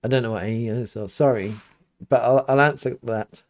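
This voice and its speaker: A man's voice: medium pitch, fairly quick. Rambling man chatting live. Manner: rambling, many restarts and fillers. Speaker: priest hosting a livestream. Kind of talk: casual live Q&A chat. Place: home studio.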